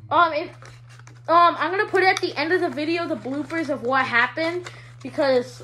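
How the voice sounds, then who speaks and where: Hyper, giggly high-voiced female vlogger. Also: moderate pace, sharp tone, poor audio. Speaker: toy collector vlogger. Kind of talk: casual show-and-tell vlog.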